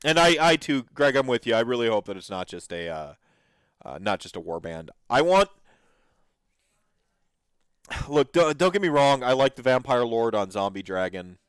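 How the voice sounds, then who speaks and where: A man's voice: medium pitch, sing-song, normal speed, long pauses, clean tone, no echo. A man hosting a podcast, reacting to videos in an enthusiastic, rambling way with lots of fillers. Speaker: podcast host. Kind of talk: casual commentary reacting to videos.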